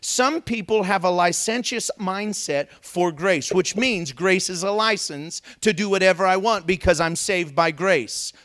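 A man's voice: high-pitched, normal speed, few pauses, a bit bright. A male pastor preaching a sermon, joking and acting out voices of babies and critics as he goes.

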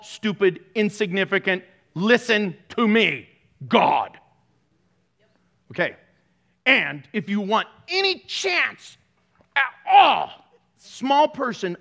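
A man's voice: sits high, gravelly, sharp tone. A man pastor giving a sermon, joking, laughing often and throwing sarcastic asides to the congregation.

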